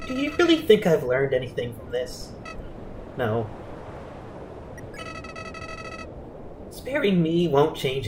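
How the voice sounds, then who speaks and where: A woman's voice: reverberant, slight background noise, full character voice. A woman voicing a gloating, taunting evil male flower who calls himself a god. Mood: menacing. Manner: taunting, shrill and manic.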